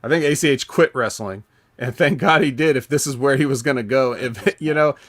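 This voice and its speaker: A man hosting a casual podcast, talking in a rambling, halting way with many fillers and restarts. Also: medium pitch, fairly bright tone. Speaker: podcast host.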